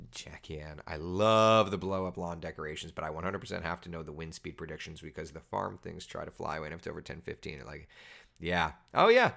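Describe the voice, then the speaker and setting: A man in his late thirties with a light lilt, hosting a relaxed weather livestream chat. His pitch swings widely, jumping high on exaggerated disbelief and dropping low for wry remarks, in a friendly, conversational way. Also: brisk, creaky. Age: 30s. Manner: animated, exaggerated incredulous asides. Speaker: weather host. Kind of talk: casual livestream chat reading viewer comments.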